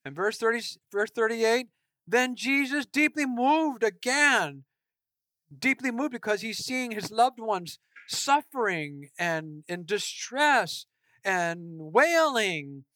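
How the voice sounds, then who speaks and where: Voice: mid-range voice, animated, slow, bright, forceful tone, no room sound. A pastor delivering an earnest, emphatic sermon.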